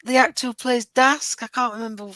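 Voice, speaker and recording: Panelist, woman, chatty, slightly high voice, dry close mic. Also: fairly even intonation, fairly quick, sharp tone, no echo. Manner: chatty, frequent agreeing murmurs. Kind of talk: casual review chat.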